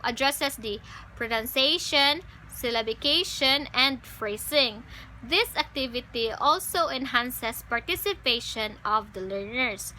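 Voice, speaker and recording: Young woman, slow bright class report. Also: high voice, slight background noise, poor audio. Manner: explains step by step with frequent "um" and self-corrections. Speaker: student presenter.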